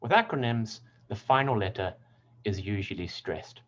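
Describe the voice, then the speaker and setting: A man teaching English pronunciation, speaking in clear, deliberate tones and carefully sounding out example words. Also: lowish voice, expressive, lo-fi sound. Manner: clear, deliberate word demonstrations. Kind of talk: scripted lesson narration.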